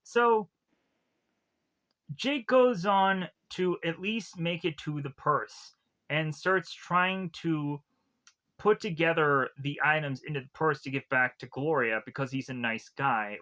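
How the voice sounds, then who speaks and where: A man's voice: on the high side, pushed and bright. A man casually retelling a film's plot in a rambling way, full of fillers and restarts. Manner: rambling, filler-heavy retelling with quick acted quotes. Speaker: film reviewer.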